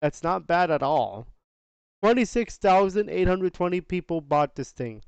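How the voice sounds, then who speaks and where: A man hosting a podcast, talking casually through game sales data in an unhurried, chatty way, often restarting his phrases and dropping slangy asides. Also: high-pitched, lively intonation, gravelly, darkish tone, clear, resonant tone, no room sound, rough recording. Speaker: podcast host.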